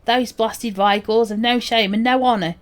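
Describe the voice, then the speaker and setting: A woman voicing a vengeful fantasy warrior, with a put-on accent and slow, emphatic delivery. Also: fairly high pitch, steady tone, natural voice. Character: vengeful stout warrior of a dwarf-like folk.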